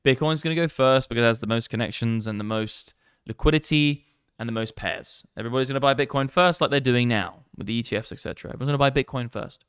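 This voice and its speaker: A brash young man banters with his livestream chat, swearing freely as he riffs on markets. His voice is smooth and resonant, and it sits close and dry with no room around it. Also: mid-range voice, quick pace, fairly bright tone, dry recording. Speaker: crypto trading livestream host. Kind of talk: casual livestream chat, reading viewer comments.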